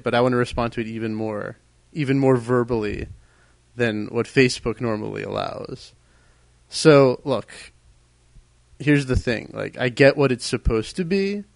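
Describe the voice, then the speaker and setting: A man's voice: mid-range voice, creaky, no room sound. A man co-hosting a podcast in a casual discussion, ranting heatedly and emphatically. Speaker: podcast co-host.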